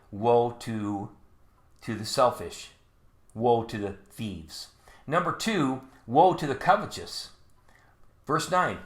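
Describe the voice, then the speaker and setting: A man's voice: mid-range voice, fairly bright tone. A man preaching a sermon, reading scripture verse by verse and asking rhetorical questions. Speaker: pastor. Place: church sanctuary. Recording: echoey church sanctuary.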